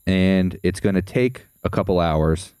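A man with a very low, mellow voice narrates a tabletop game as game master. His tone is smooth and clean, set in a dry room with no echo. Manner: descriptive, measured storytelling.

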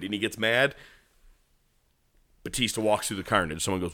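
A man's voice: lowish voice, brisk, long pauses, dry recording, studio quality. A man chatting casually as a podcast co-host, telling stories with energy and acting out movie lines. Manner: animated storytelling, swearing, acts out movie lines. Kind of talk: casual wrestling chat.

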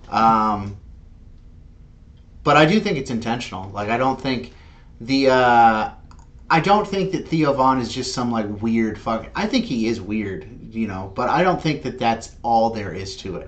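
A man's voice: mid-range voice, lively intonation, moderate pace. A man co-hosting a casual podcast chat, laid-back and dry, swearing casually. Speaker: podcast co-host.

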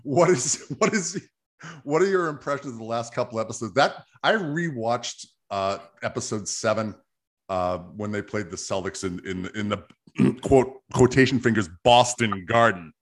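A man's voice: mid-range voice, expressive, moderate pace. A man hosting a podcast, running segments in a loose, joking way with some swearing. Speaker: podcast host. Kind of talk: casual podcast chat.

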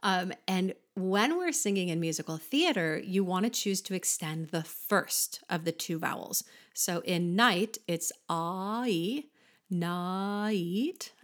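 A woman hosting a podcast singing lesson, explaining vowels patiently and breaking into short sung examples. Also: fairly low pitch. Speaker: voice teacher and podcast host.

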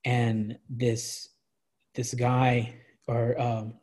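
A man's voice: mid-range voice, completely flat delivery, drawn-out words, darkish tone, husky. A man in his twenties telling party stories in casual chat, rambling with lots of restarts and swearing. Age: 20s. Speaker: guest.

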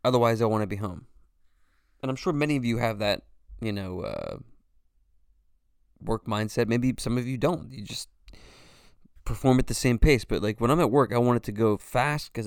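Casual podcast host, male, 40s, smooth and dry-sounding, rambling and profane. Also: lowish voice, no room sound. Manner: rambling, swears freely, says "you know" constantly. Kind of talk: casual solo monologue.

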